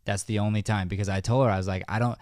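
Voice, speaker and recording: A low-pitched man hosts a relaxed podcast chat, earnest and encouraging with his guest. The sound is close and dry, with no room around it. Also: racing, no echo. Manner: earnest, encouraging, laughs freely. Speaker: podcast host, acting coach. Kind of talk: casual chat.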